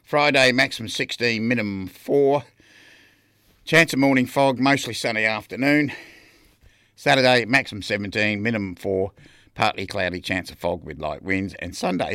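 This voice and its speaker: A man's voice: mid-range voice, expressive, normal speed, sharp tone, dry recording. A man presenting the weather and chatting casually on community radio from a studio microphone. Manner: chatty, self-deprecating. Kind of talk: casual breakfast radio patter.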